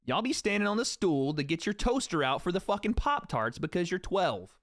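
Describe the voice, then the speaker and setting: A man's voice: sits high, very animated, normal speed, fairly bright tone, no room sound, studio quality. A young man hosting a livestream, joking and swearing casually as he talks to his chat. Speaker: streamer host.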